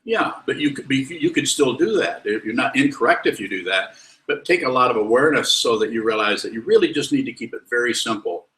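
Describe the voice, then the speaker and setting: A man's voice: medium pitch, expressive, brisk, a bit bright. A man giving a Buddhist dharma talk, blunt and wry, fielding questions from students. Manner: blunt, wry, lectures then lets students ask. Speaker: Buddhist teacher. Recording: roomy echo.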